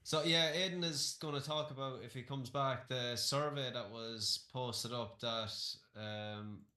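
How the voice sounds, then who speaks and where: A man co-hosting a gaming podcast, chatting in a relaxed, joking way. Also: mid-range voice, measured pace, roomy sound. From Ireland. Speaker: podcast co-host. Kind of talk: casual chat.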